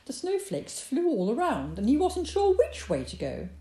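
A woman reading a children's story aloud in an expressive, sing-song way. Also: fairly low pitch, moderate pace, few pauses. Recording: roomy echo.

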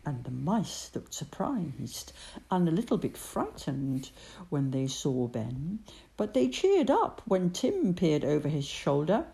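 A woman reading a storybook aloud with expressive, gentle storytelling. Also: deep voice, slow, vocal fry.

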